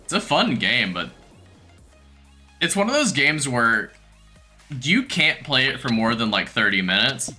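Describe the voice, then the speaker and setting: A young man chatting on a game live stream with a very bright, forward voice. His pitch swings widely as he rambles and teases himself, laughing often, with faint music under him. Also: sing-song, a little slow, long pauses. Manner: chatty, self-mocking, laughs easily. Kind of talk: casual live-stream chat.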